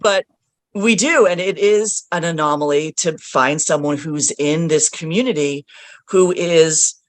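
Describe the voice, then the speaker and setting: A woman's voice: low-pitched, measured pace, dry recording. A woman hosting a podcast interview, friendly and a bit teasing. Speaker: podcast host. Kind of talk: interview chat.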